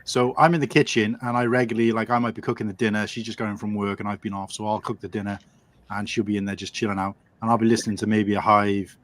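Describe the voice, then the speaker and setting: A man's voice: lowish voice, little pitch movement, fast, a bit bright, no room sound. Chatty man telling stories, dry sound. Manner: chatty storyteller, says "mate". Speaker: guest on stream. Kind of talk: casual chat.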